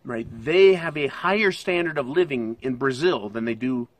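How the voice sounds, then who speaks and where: A man's voice: medium pitch, lively intonation, moderate pace. An older American man hosting his own channel, giving rambling, profane, jokey commentary on the economy. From United States. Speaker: channel host.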